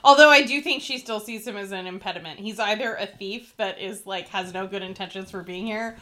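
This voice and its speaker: A woman's voice: medium pitch, brisk, bright, forceful tone. A woman co-hosting a casual TV recap podcast, talking things through in a thoughtful way. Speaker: podcast co-host.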